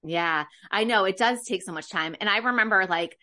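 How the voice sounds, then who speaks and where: A woman's voice: mid-range voice, normal speed, sharp tone. A woman hosting a podcast, chatting casually and sharing her own experience with her guest. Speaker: podcast host. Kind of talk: casual interview chat.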